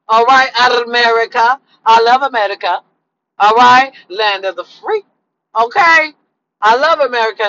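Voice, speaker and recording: A woman's voice: fairly high pitch, pushed and bright, lo-fi sound. A woman giving slangy, sassy advice in a casual monologue, repeating lines for emphasis.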